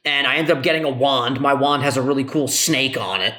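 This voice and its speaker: A young man, a podcast co-host, telling an excited story in casual chat, swearing a lot. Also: mid-range voice, a little fast. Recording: echoey room.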